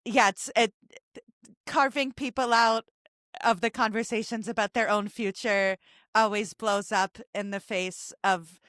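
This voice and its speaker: A woman hosting a podcast, chatting casually and cracking quick jokes. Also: medium pitch, steady tone, a bit bright, no echo, clean studio sound. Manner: jokey, quick with pop-culture quips. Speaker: podcast host. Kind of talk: casual conversational interview.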